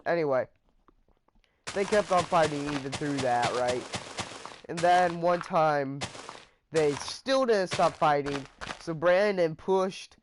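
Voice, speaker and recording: Man, casual storytelling vlog, rambling, slow pace, noisy recording. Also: fairly high pitch. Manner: rambling, casual, trailing off with fillers.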